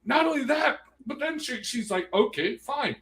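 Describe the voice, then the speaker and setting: A man in a casual conversation, telling a heated story in an animated, rambling way. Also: very high-pitched, normal speed.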